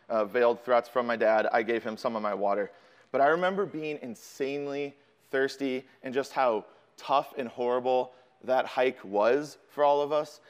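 A man's voice: medium pitch, clean tone. A man in his thirties from Chicago, a student pastor, telling a casual, self-deprecating story to a congregation with frequent ums. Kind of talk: storytelling sermon.

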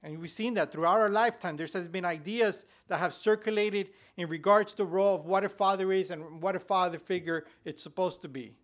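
A man's voice: high voice, a little fast, few pauses, a bit bright. A man, a pastor, preaching a sermon on a church podcast, telling a story in a conversational way with restarts. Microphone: podcast recording.

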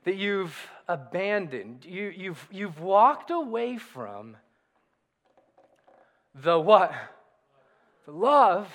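Pastor, male, lively conversational sermon, light high voice, church-hall reverb. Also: extremely slow, long pauses. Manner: animated, conversational preaching with emphatic repetition.

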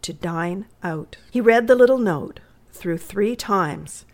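A woman narrating a classic story in a measured readers' theatre reading. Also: medium pitch, lively intonation.

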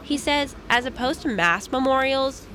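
A young woman from the United States narrating a radio feature report in a calm, measured first-person voice. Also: high voice, a little hiss or hum.

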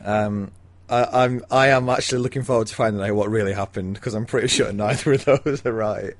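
A man's voice: fairly low pitch, fairly even intonation, fairly quick, no echo. Male co-host, rambling bawdy teller, dry close sound. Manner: rambling, bawdy, giggly storytelling. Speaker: podcast co-host. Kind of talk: casual chat about a mystery novel.

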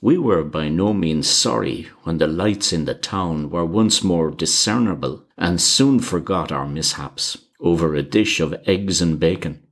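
Low-voiced guy reading an old tale, slow and formal. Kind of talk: storybook narration.

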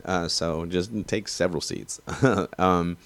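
A deep-voiced man in his thirties holds forth in a loose, rambling monologue. He swears freely, stacks restarts and fillers, and climbs in heat when something gets under his skin. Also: takes it slowly, dry recording. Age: 30s. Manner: profane, rambling, animated when riled. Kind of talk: casual rant.

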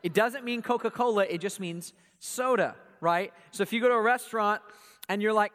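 A man's voice: high voice, normal speed, fairly bright tone, in a large hall. A man with a Southern US accent from Atlanta, giving a playful, joking church talk and quizzing his congregation. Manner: playful, jokey, keeps quizzing the audience. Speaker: church speaker. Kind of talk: casual sermon talk to a congregation.

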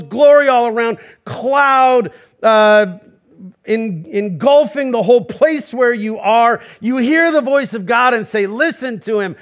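A male pastor with a high-pitched voice delivers a sermon with emphatic, searching rhetorical questions. He acts out the voices he quotes. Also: fairly bright tone.

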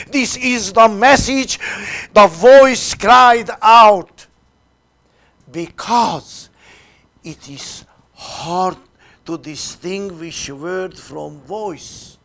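A man, a priest leading a retreat, reading a sermon slowly and deliberately with long pauses and dramatic swings between loud and soft. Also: sits high.

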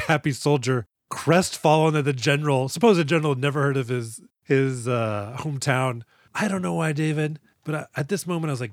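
A man's voice: fairly high pitch, brisk, no room sound. Joking male podcast host, dry sound. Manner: jokey, acts out movie lines in quoted voices. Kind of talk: casual movie podcast chat.

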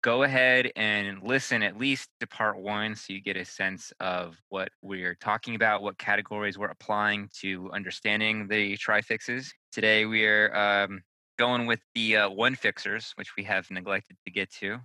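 Forceful man hosting, dry close sound. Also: lowish voice, little pitch movement, normal speed, no echo, poor audio. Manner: teasing, roasting banter. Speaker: podcast host. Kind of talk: joking podcast chat.

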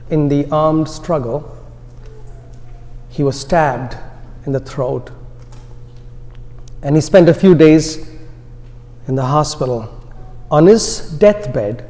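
A man with an Indian American accent preaching an Easter sermon in a church, slow and deliberate, letting his phrases trail off softly. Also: a little high. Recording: long reverb of a large hall.

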